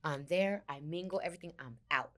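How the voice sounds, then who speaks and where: Bright-toned woman radio personality, candid. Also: low-pitched, brisk. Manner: candid, emphatic and animated. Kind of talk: casual interview chat.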